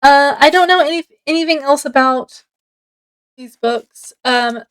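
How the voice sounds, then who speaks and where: High-voiced woman chatting about a book. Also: measured pace, a bit bright, low-quality recording. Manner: chatty and meandering, many fillers. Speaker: book reviewer. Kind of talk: casual book review, summarizing and reading excerpts.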